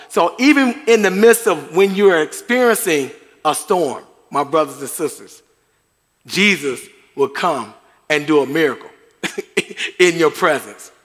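High-voiced male pastor in a reverberant hall. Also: very animated, a little slow, a bit bright. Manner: conversational preaching with chuckles and asides to the congregation. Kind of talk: sermon. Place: church sanctuary.

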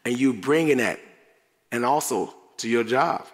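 Unhurried preacher man in echoey hall. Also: mid-range voice. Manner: conversational, laughs often, animated asides. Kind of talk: sermon devotional. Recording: reverberant church hall.

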